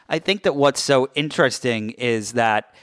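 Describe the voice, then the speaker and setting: A man hosting a podcast, chatting casually and joking at his own expense, often trailing off softly at the end of a thought. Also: mid-range voice, slow pace, smooth, dry recording, clean studio sound. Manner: chatty, self-deprecating, trails off softly at ends. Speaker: podcast host.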